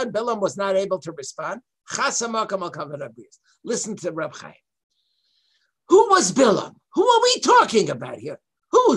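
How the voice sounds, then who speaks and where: Impassioned rabbi lecturing with a bright voice. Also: male voice, very high-pitched. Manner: impassioned, emphatic, exclamatory. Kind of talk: Torah lecture. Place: home, online lecture. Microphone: video call.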